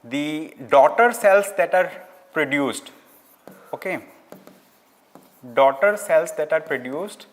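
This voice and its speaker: Speaking slowly and with long pauses, an animated male teacher with an Indian English accent lectures in a slightly high voice, repeating key words and dropping in Hindi phrases. A long, hall-like reverb fills the room while a board is scratched with writing underneath.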